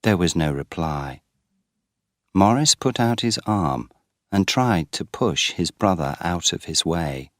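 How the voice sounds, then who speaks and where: Slow, deep-voiced male storyteller. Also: expressive, dry recording, clean studio sound. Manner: slow and clear for learners. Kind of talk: graded-reader story narration.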